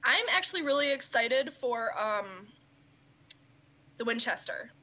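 A woman in a casual chat, excitable and freely swearing. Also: fairly high pitch, a little slow, highs cut off. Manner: excitable and profane.

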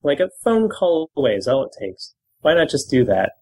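A man's voice: a little high, sing-song, moderate pace, dark tone, poor audio. A man co-hosting a comedy podcast in casual chat, wryly riffing on news items. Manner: wry, riffing on news stories. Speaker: podcast co-host.

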